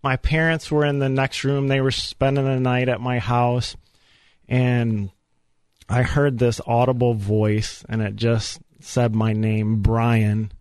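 A man giving an earnest, animated personal faith testimony as a guest on a radio show. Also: medium pitch, a little slow, clean tone, dry recording. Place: radio studio.

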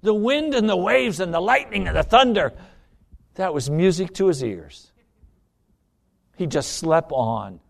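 Dramatic preacher man with a high voice. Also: animated, unhurried, vocal fry, pauses often. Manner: dramatic, sweeping swings between loud pleading and hushed low asides. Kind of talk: sermon.

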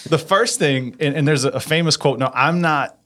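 A man's voice: on the high side, moderate pace. A man in a casual interview as a guest business implementer, talking energetically and often checking for agreement. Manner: energetic, asks for agreement with frequent "right?".

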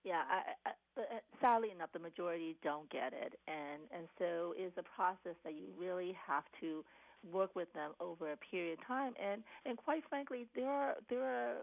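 A woman's voice: fairly low pitch, moderate pace, gravelly, dry recording. A woman cardiologist, a guest in an interview, answering earnestly with many restarts and "you know"s. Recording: tinny phone line.

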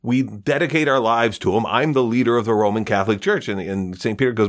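A man hosting a podcast, telling a long joke and jumping into character voices as he goes. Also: brisk. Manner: animated storyteller, acts out characters with pitch jumps. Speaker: podcast host.

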